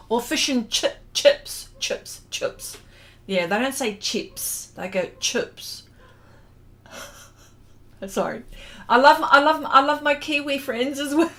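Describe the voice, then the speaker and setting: Slow-talking Australian woman, chatty. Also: on the high side, a bit bright. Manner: chatty, giggly, hesitant with many ums. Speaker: artist hosting a livestream. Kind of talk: casual chat reading out viewer comments.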